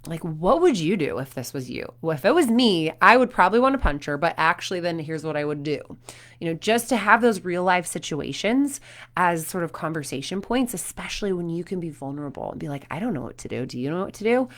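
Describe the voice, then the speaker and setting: A woman in her thirties, a performance coach, talking to parents and telling stories with acted quotes. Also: fairly low pitch. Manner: animated storytelling with acted quotes.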